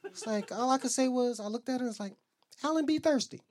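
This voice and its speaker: This young adult man has an extremely high-pitched voice and talks fast, with a crowd audible behind him. In his stand-up set he tells crude, profane stories with animated energy, acting out the quoted lines of the people in them.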